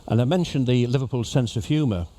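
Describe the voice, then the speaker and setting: A man's voice: mid-range voice, fast, mellow. A man giving a humorous, chatty talk to cruise passengers as an after-dinner speaker. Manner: jokey, chatty storyteller addressing an audience. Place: ship lecture venue.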